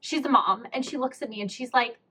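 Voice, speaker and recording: Her voice is fairly high, brisk, sharp, and slightly rough. The young podcast host chats candidly through a personal story, cursing freely and saying "like" constantly.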